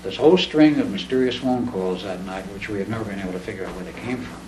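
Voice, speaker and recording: A man's voice: on the low side, quick pace. A man casually telling a long, rambling personal story in a living-room chat, acting out the dialogue as he goes. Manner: rambling, animated, acts out quoted dialogue. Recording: roomy, distant mic, faint background noise.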